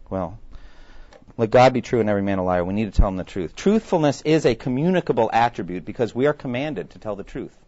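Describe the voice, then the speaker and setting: A man's voice: on the high side, darkish tone. Preacher man with muffled sound. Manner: conversational, asks the listeners many questions. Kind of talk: sermon.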